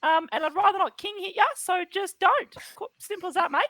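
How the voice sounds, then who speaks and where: A woman's voice: very high-pitched, a bit bright, pitched above the performer's own voice. A woman doing a brash bogan tree bloke. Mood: cheeky. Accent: broad Australian put-on. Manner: slangy, fast, blokey. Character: brash Australian bogan tree man, cheeky.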